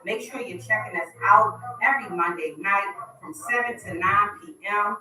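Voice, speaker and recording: A woman's voice: mid-range voice, normal speed, crowd noise. A woman hosting a talk radio show, making upbeat, chatty announcements from a studio. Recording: roomy, distant mic.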